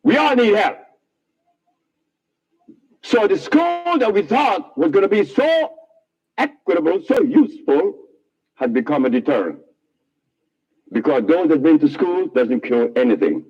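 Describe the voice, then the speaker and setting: A man telling his life story in a rambling, animated way, often laughing at his own remarks. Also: a little high, measured pace, long pauses, slightly rough, lo-fi sound.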